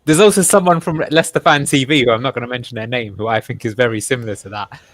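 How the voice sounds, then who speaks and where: A man with a mid-pitched voice co-hosts a live football watchalong. He chats casually and throws questions to the others. His voice sounds dry and close, with no room echo. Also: fast talker, a bit bright. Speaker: co-host of a football watchalong stream. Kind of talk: casual chat.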